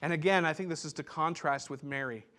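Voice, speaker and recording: A man's voice: fairly high pitch, brisk, fairly bright tone. A man pastor giving a sermon, teaching in a conversational way with asides and restarts.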